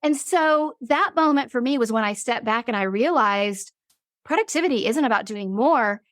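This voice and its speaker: A woman in her forties talks as a guest on an interview podcast. Her voice sits fairly high, and she tells her stories in a lively, vivid way. The sound is close and dry. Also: normal speed, dry recording. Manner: animated, vivid storyteller. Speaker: guest, business owner. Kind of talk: casual interview storytelling.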